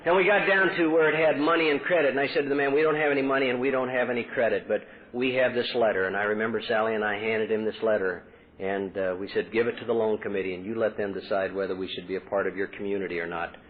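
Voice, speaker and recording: A man's voice: lowish voice, steady tone, fast. A man speaking at a recovery convention, telling his story and acting out the voices of the people in it. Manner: storytelling, acts out quoted voices. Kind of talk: recovery talk to a meeting. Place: convention hall. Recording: tinny lo-fi 1980s tape with hiss.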